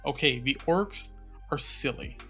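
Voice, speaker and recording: A man with a bright, forward voice muses his way through a casual hobby podcast. He rambles thoughtfully and fills his pauses, with faint music behind him. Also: mid-range voice. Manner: thoughtful, rambling, many fillers. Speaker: podcast co-host.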